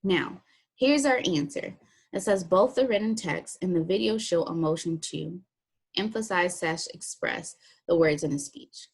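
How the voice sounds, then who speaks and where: A woman's voice: lowish voice, husky. A woman teacher walking students through a written assignment step by step, in a plain, practical way. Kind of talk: recorded classroom lesson walkthrough.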